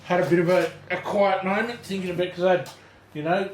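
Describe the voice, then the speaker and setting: A man's voice: high voice, steady tone, fast. An Australian man co-hosting a podcast in laid-back casual chat, swearing freely and telling rambling jokes. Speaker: podcast co-host. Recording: echoey room with faint noise.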